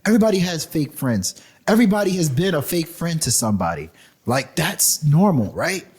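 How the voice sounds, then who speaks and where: A man's voice: fairly high pitch, a little fast, breathy edge. A man co-hosting a podcast, ranting with emphasis and laughing as he talks. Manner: animated, laughing, emphatic rants. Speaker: podcast co-host. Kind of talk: casual chat.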